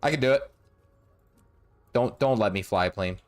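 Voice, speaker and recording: A man's voice: on the low side, moderate pace. Joking, rambling male game streamer. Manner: rambling, jokey, self-mocking. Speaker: gaming livestream host. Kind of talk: casual gameplay commentary.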